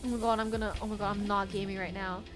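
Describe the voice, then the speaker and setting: A young adult woman streaming a game, reading aloud and chatting in an excitable, giggly way with some swearing. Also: mid-range voice, racing, soft background music.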